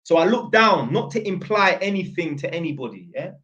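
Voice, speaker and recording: A man's voice: high voice, animated, a little fast, a bit bright, highs cut off. A young man with a London accent telling a story and ranting in blunt, slangy, opinionated talk to his viewers. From North London. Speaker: channel host. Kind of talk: casual storytelling to camera.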